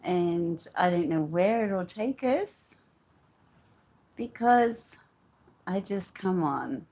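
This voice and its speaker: Slow, soft-spoken Australian woman. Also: fairly low pitch, muffled recording. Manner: soft, relaxed and affectionate, greeting viewers one by one. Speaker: live-stream host. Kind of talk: casual live-stream chat. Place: at home, indoors.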